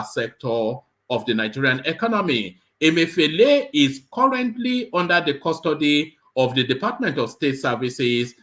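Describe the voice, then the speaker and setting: A man hosting a live show, reading a news report aloud and breaking off with halting, sarcastic comments full of fillers. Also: fairly high pitch, fairly bright tone. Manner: halting, many fillers and repeated words; sarcastic asides.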